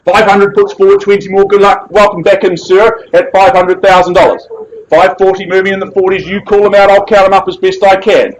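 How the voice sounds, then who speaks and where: A man with a New Zealand accent works a live auction room. His voice sits high and carries jovial, persuasive sales patter as he coaxes bids. A faint hiss runs under the recording. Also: level tone, a little fast, lo-fi sound.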